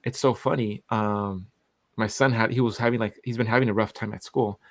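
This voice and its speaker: A man's voice: on the low side, steady tone, a little fast, no echo. Man in his forties on a podcast, loose rambling storyteller, dry close sound. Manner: rambling storyteller, full of "like" and restarts. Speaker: podcast co-host. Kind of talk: casual chat.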